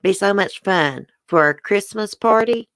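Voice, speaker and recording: A woman's voice: mid-range voice, measured pace, a bit bright, no echo. A middle-aged woman with a Southern US accent, hosting a casual livestream, chatty and laughing often as she talks to viewers. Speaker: livestream host. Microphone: webcam or phone close up.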